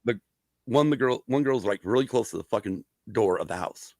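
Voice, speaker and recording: A middle-aged man hosting a podcast, telling stories in a casual, profane, animated way with a gravelly voice. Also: lowish voice, fairly quick, no room sound. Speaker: podcast host. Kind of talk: casual storytelling chat.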